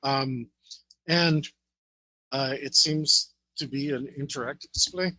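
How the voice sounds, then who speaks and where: A man running a tabletop role-playing game, describing scenes in a loose, unhurried way with many fillers. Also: mid-range voice, pushed and bright, dry recording, rough recording. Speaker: game master.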